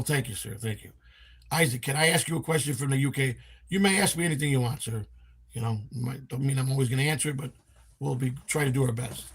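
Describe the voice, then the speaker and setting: Hoarse gravelly Chicago man in his fifties. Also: mid-range voice. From Chicago, USA. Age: 50s. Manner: rambling, halting with many fillers. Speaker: livestream host. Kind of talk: casual livestream chat reading viewer comments. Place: home in Florida.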